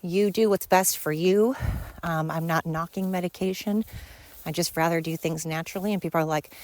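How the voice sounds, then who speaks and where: A middle-aged woman hosts her own podcast and talks off the cuff. Her voice sits a little low for a woman, and the sound is dry, with no room echo. She rambles, speaks frankly, and swears easily as she walks outside with her dogs. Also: moderate pace, darkish tone. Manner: rambling, candid and profane. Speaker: podcast host. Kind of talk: casual monologue. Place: outdoors walking with dogs.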